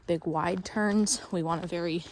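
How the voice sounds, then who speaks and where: A woman's voice: on the low side, steady tone, normal speed, darkish tone, slight background noise. A woman dog trainer, a little out of breath, explaining her training steps while she walks outdoors with a dog, and stopping now and then to praise it. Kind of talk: instructional training walk-through.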